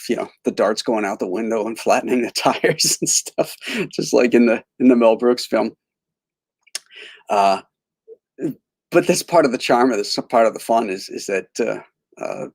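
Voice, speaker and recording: A man's voice: mid-range voice, darkish tone, no echo. A man hosting a casual film commentary, rambling with many fillers and restarts. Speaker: host.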